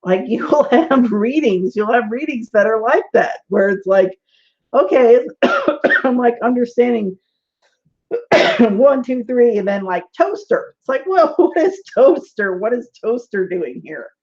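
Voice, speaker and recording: A woman's voice: on the high side, animated, unhurried, darkish tone. Chatty woman teaching tarot online. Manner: chatty, rambling, laughs often, many "like"s. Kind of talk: casual online class. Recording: dull lo-fi webinar audio.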